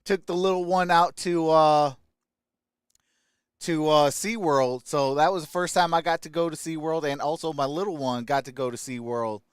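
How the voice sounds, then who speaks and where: A young adult man from Michigan hosting a casual sports live stream, greeting chat viewers by name with upbeat shout-outs. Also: on the high side, fairly even intonation, moderate pace, smooth, no echo, clean studio sound.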